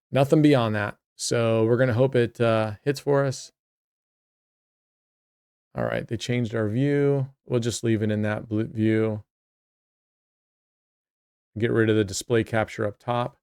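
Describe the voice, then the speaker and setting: A man's voice: medium pitch, darkish tone, clear, resonant tone, no room sound, studio quality. A man hosting a casual play-by-play of his own online roulette session, chatty and talking to himself and to viewers. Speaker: host.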